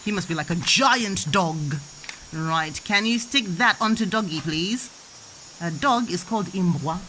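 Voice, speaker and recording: Lively sing-song mum at playtime. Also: female voice, mid-range voice, a little slow, slight background noise. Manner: animated, sing-song, playful. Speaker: mother teaching her child. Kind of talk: playful pretend-play teaching.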